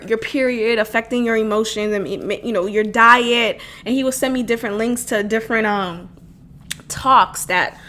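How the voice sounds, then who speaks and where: A young woman talks through a personal story on her own podcast, her voice sitting a little high. She jumps into quoted voices and swears freely, keeping it loose and animated. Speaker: podcast host. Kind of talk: casual solo podcast talk.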